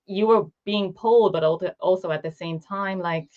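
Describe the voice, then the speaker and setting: A woman's voice: lowish voice, moderate pace, narrow, tinny audio. A woman hosting an interview, emphatic and chatty, often asking "right?". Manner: emphatic, many fillers like "right?". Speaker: interview host. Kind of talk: interview chat.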